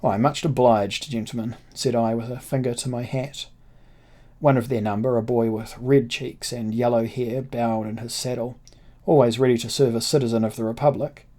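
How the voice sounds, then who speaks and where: A man's voice: medium pitch, level tone, moderate pace, mellow. Man reading a first-person adventure tale. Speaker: narrator. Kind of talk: first-person audiobook narration.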